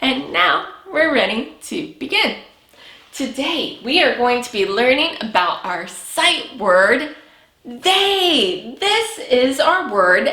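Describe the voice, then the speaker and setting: A woman teaching preschoolers, speaking in a slow, encouraging, sing-song way and praising often. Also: high voice, bright, forceful tone. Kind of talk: early learning lesson for young children. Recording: echoey room.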